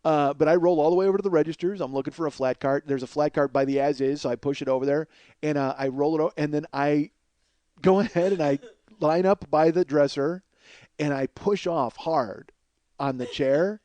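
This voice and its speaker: A man hosting a podcast, telling a comic story in a profane, animated way and laughing along at his own tale. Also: a little high, fairly quick, no echo. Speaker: podcast host.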